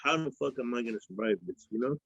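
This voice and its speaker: A man's voice: mid-range voice, expressive, quick pace, a bit bright. A man from Fresno, a guest in a casual interview, telling rambling profane stories and acting out other people's voices. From Fresno, California. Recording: dull lo-fi sound.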